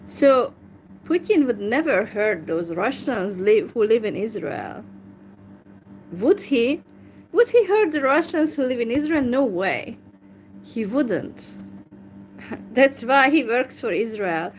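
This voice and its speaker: A woman's voice: on the high side, very animated, slow pace, long pauses, a little hiss or hum, rough recording. A woman from Hungary, chatting casually and giving opinions, hesitant and full of fillers and restarts. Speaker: language learner chatting with strangers.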